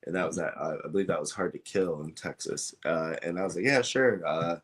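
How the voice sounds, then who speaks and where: A man's voice: extremely low pitch, fairly even intonation, quick pace, breathy edge. A man, a guest on an interview show, telling a story in a casual, rambling way with many fillers and acted-out dialogue. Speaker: belt maker, guest.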